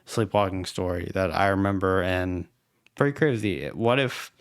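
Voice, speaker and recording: A young man with a lowish voice chats easily on a podcast and often trails off. His voice is close and dry, with no room sound. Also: normal speed, clear, resonant tone, no echo. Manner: easygoing, hedging, trails off. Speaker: podcast co-host. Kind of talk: casual chat.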